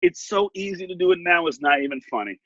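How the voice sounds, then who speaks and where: A man who works as a TV warm-up host and emcee, talking animatedly on a video call with big swings in pitch and loudness. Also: animated, fast, no room sound. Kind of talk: casual video-call interview. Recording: dull lo-fi video-call audio.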